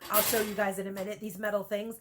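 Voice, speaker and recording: A woman vlogger telling a rambling, animated story in casual chat, with lots of "like" and laughter. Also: medium pitch, fast talker, background noise.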